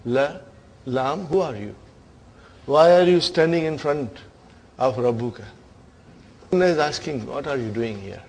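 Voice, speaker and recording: A man's voice: medium pitch, a little slow, long pauses, a little mellow. A man voicing a pushy, scornful personified grammar particle that challenges another word with mocking questions. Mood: demanding.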